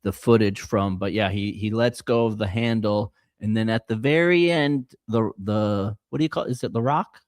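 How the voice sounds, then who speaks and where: A man's voice: fairly low pitch, normal speed, hardly any pauses, no room sound, studio quality. A man co-hosting a podcast, chatting casually with a joking, playful manner. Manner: joking, playful announcer asides. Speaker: podcast co-host. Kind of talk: casual chat.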